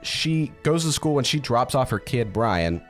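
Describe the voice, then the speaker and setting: A man's voice: medium pitch, very animated, unhurried, soft background music. A man casually telling a story, chatty with fillers.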